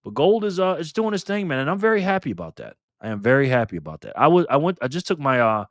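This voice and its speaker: A man's voice: a little high, very animated, fast talker, dry recording, studio quality. An older man hosting a live stream in a casual, chatty way, thanking viewers by name and swearing now and then.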